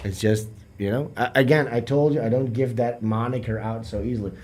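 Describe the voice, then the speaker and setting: A man's voice: mid-range voice, fairly even intonation, fairly quick, darkish tone. A man hosting a live stream, trading crude jokes and banter with a co-host. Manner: joking, vulgar, mimics voices.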